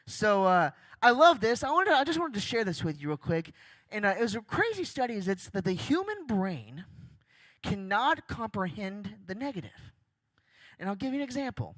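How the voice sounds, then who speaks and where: Young male speaker with a bright tone and a dry sound, chatty and jokey, talking to the crowd. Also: very high voice, sing-song, fairly quick, dry recording. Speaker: guest speaker. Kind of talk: energetic church talk. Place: church stage.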